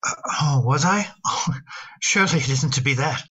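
A woman's voice: sits low, animated, moderate pace, breathy edge, muffled recording, heavily acted. Woman playing a fond, wistful painter father. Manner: gentle, hesitant, repeats words. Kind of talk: radio drama acting.

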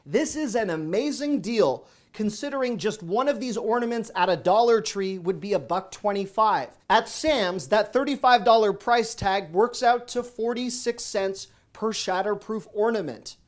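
A man hosting a shopping video, narrating a scripted voice-over in a brisk, upbeat product rundown. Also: sits high. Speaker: shopping deals host.

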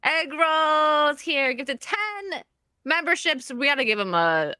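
A woman with a US East Coast accent hosting a casual group chat, quick and laughing as she thanks donors. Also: high-pitched, expressive, sharp tone, no room sound, clean studio sound. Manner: quick, laughing, reads out donations. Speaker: podcast host.

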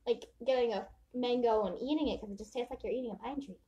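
Giggly chatty woman, higher voice. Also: warm tone, muffled recording. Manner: giggly, chatty, drawn-out listing. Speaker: vlogger tasting hot sauce. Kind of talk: casual chat. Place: hotel room.

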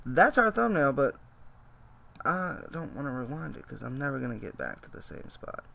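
A man's voice: mid-range voice, big pitch swings, moderate pace, vocal fry, sharp tone, slight background noise. A man giving sarcastic, mocking reaction commentary over a played video.

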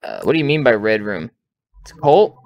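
Guy narrating a scary game he's playing, smooth clean voice, dry close mic, jumpy reactions. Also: mid-range voice, big pitch swings, no echo, lo-fi sound. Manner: jumpy, reads in-game texts aloud with quick reactions. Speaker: let's play gamer. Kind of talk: casual game commentary.

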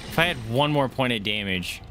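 Excitable man streaming a hard game. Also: mid-range voice, fairly quick, noisy background. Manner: excitable, swears often, talks to viewers and his dogs. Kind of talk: live gameplay commentary.

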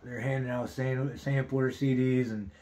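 A man's voice: mid-range voice, level tone, measured pace, dark tone. A man, hosting a podcast and telling a long rambling story, swearing often and saying "dude" constantly. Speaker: podcast host. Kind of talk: casual storytelling monologue.

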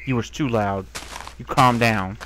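A young man doing casual game commentary, talking to the animals he finds and getting excited by them. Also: mid-range voice, a little slow, a little hiss or hum. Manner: talks to animals, excitable, squeals when delighted. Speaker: gamer. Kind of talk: casual let's play commentary.

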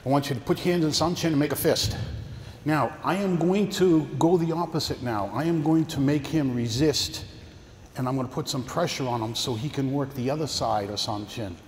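An older karate instructor with a mid-range voice moves at a moderate pace through his seminar, coaching students through techniques and partner demonstrations. The echoey hall carries long reverb and faint ambience, with slight background noise.

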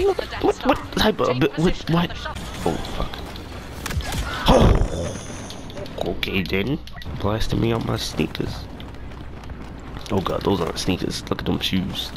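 Excitable young man yelling through gameplay. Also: on the low side, takes it slowly, creaky, pauses often, noisy background. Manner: excitable, yelps and cusses at the game. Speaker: gaming YouTuber. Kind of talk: casual gameplay commentary.

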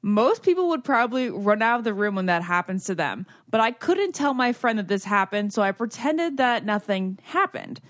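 A woman co-hosting a podcast, chatting casually and reading listener emails aloud in an animated way. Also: on the high side, normal speed, few pauses, dry recording, studio quality. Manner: lively, reads stories aloud with animation. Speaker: podcast co-host.

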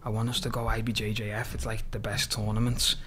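A man from Liverpool with a Scouse accent, a podcast guest lively retelling his story with quoted dialogue and plenty of swearing. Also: on the low side, quick pace, a little hiss or hum. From Liverpool, England. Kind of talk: casual storytelling interview.

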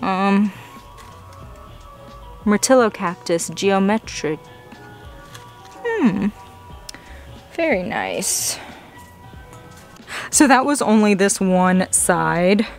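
A young woman filming a casual plant-shopping vlog in a nursery, gushing excitedly over the plants she finds. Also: medium pitch, very slow, long pauses, soft background music. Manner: excited, gushing, frequent gasps. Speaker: plant vlogger.

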